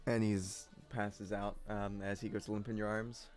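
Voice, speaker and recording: A man's voice: fairly low pitch, little pitch movement, a little slow, darkish tone, faint music behind. A man narrating as game master in a casual, laughing way, with lots of ums.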